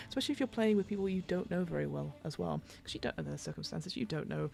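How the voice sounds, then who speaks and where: A woman's voice: lowish voice, racing, gravelly, hardly any pauses, warm tone. A British woman hosting a podcast, reading a game rulebook aloud and breaking off into rambling, self-interrupting asides. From United Kingdom. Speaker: podcast host and game master.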